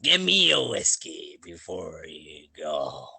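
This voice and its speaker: Man doing a tipsy goblin gal for a tabletop game, raised pitch, broken boozy phrasing. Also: huge pitch swings, slow, gravelly, pushed and bright, husky, no room sound, heavily acted. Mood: teasing. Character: tipsy goblin woman, arcane guide, pushy.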